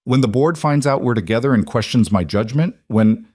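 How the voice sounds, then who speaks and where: A man's voice: lowish voice, lively intonation, brisk, a little mellow, no room sound, clean studio sound. A man voicing a guarded, driven woman CEO in an audiobook-style story reading, with an earnest, confessional manner that tips into anxiety. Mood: anxious.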